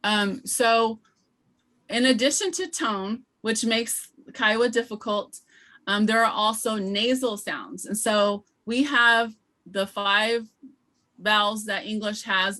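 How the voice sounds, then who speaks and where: A woman running an online teacher training, explaining patiently with frequent ums and slowly modelling pronunciations over a video call. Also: mid-range voice, sharp tone. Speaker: language instructor.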